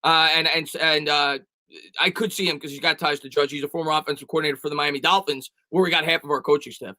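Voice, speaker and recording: A man's voice: fairly high pitch, steady tone, sharp tone, no echo. A man hosting a sports live stream, reading viewer comments and answering in a casual, stammering way with frequent restarts. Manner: fast, repetitive, stammering restarts. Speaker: sports channel host.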